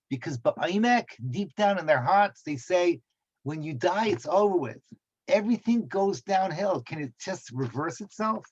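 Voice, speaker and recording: A man teaching a Torah class as a rabbi, in slow, deliberate, emphatic phrasing. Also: high-pitched, a little mellow, lo-fi sound. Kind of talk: Torah lecture.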